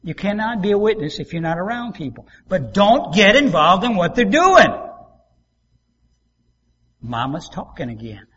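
A man pastor preaching a sermon, swinging from loud emphasis to soft asides and acting out quoted voices. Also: sits high, big pitch swings, normal speed, pauses often, husky, muffled recording.

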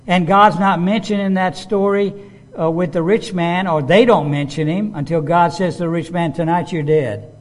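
A man's voice: high voice, moderate pace, long reverb tail. A man preaching a sermon in a conversational way, with frequent restarts and rising emphasis.

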